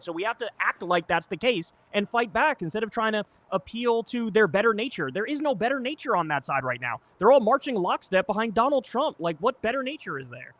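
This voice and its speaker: Blunt, emphatic male panelist, high-pitched, repeats lines for punch. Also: very animated, fast, a bit bright, dry recording. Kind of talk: heated political talk.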